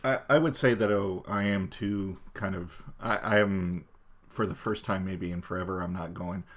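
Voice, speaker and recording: A man's voice: deep voice, fairly even intonation, moderate pace. A man co-hosting a podcast, chatting casually about films with lots of fillers. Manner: chatty, many fillers like "you know". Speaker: podcast co-host. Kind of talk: casual chat.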